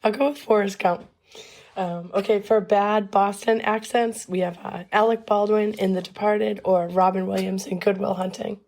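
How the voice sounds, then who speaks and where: A woman with a cold hosting a quiz segment on a podcast, laid-back, with pauses between questions. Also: mid-range voice, fairly even intonation, a little mellow. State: has a cold. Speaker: recurring game segment host. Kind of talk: casual podcast chat.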